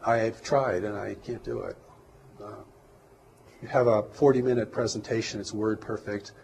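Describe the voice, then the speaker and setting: A man speaking as an interview guest, measured and reflective, often pausing and restarting his sentences. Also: fairly low pitch, a little mellow, a little hiss or hum. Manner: measured, hesitant, with many restarts and fillers. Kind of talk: earnest reflective interview talk.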